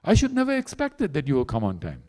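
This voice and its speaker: A man's voice: on the high side, wildly swooping pitch, fast talker. A man voicing Radharani, furious and scolding. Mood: angry scolding. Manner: sharp, scolding, sarcastic. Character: angry jealous young woman, scolding her lover.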